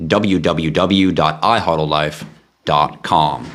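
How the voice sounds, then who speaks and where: A man with a very low voice hosts a casual live stream from a home studio. He talks straight to his viewers in a lively, chatty way. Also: unhurried. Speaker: livestream host.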